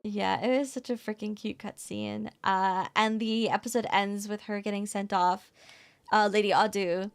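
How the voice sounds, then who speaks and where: A woman co-hosting a casual podcast, recapping an anime episode in a rambling, excitable way and laughing often. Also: mid-range voice, normal speed, gravelly, smooth. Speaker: podcast co-host.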